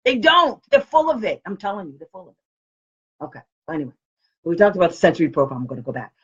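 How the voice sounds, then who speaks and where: Animated, husky-voiced woman advocate. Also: fairly low pitch, fast. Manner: animated, blunt and combative, with quoted comebacks. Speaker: special education advocate. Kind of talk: informal training talk to parents. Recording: dull lo-fi recording.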